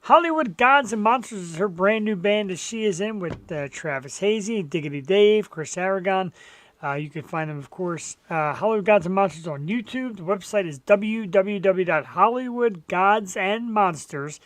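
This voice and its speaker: A woman's voice: mid-range voice, lively intonation, normal speed, dry recording. Host: woman, chatty and giggly, loose crude banter, plugs and thank-yous. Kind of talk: casual live-stream chat.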